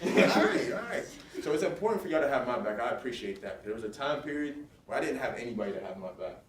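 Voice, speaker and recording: A man's voice: medium pitch, fast talker. Male motivational speaker, fired-up call-and-response delivery, caught from afar in an echoey school hall. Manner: energetic call-and-response, hyping up the crowd. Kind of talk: motivational school assembly speech. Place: large school hall with a student audience. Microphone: recorded from a distance. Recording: echoey hall, distant mic, faint noise.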